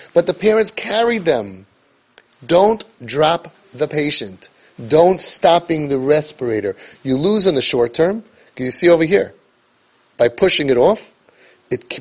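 A man's voice: on the high side, creaky, husky. A man, speaking with emotion to parents as a parenting coach and mixing in Yiddish and Hebrew words. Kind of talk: impassioned talk to parents.

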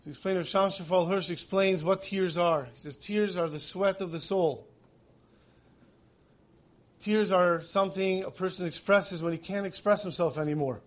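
Male preacher, higher register, casual delivery with rhetorical questions. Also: fairly even intonation, moderate pace. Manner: mixes in many Hebrew terms. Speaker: religious speaker. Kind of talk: sermon.

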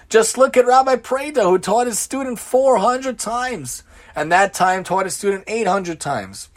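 A man hosting an informal Torah lesson who piles up repeated, emphatic lists. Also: high voice. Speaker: religious teacher and show host.

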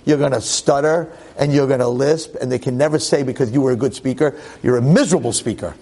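A man voicing God as a firm male figure refusing a request, in a husky voice. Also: mid-range voice, quick pace, warm tone, voice pushed down, lightly acted.

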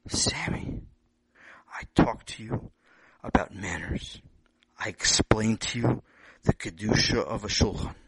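A man voicing a stern, upset father who scolds in a low hushed voice, in a story told aloud. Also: slow pace, pauses often, background noise.

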